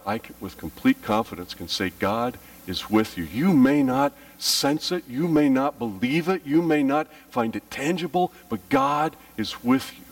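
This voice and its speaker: A man preaching a sermon as pastor, telling stories with lively, dramatic delivery and acted-out cries. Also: medium pitch, recorded from a distance. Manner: animated storytelling, acting out his childhood panic with shouts. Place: church.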